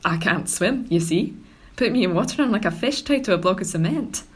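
A woman's voice: medium pitch, lively intonation, brisk, slightly rough. A woman voicing an elderly, fussy, doting Scottish lady in a comedy audio drama, with a Scottish accent. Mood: soothing. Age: older.

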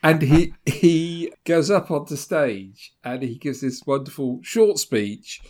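A man's voice: a little high, slow, darkish tone. A man co-presenting a radio show about television, chatting casually with playful jokes. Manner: playful, jokey, breaks into laughter.

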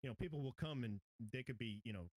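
Quick, animated man from New York. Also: medium pitch, no room sound, low-quality recording. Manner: quick, animated, laughs easily. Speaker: guest streamer. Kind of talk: casual chat.

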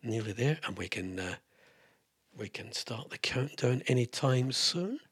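A man's voice: mid-range voice, lively intonation, a little slow, breathy edge, dry recording. A British man hosting a live radio show, chatty and rambling, with lots of fillers and self-mocking asides. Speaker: radio host. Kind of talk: casual live radio presenting.

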